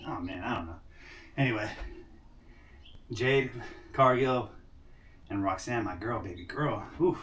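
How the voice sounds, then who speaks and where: A man's voice: lowish voice, lively intonation, a little slow, pauses often, fairly bright tone. Man, casual streamer, rambling chat, slightly winded, heard from a distance on a camera mic. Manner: chatty, addresses viewers by name, rambling. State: out of breath after push-ups. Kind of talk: casual IRL livestream chat. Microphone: camera mic without lapel mics. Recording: distant mic with faint noise.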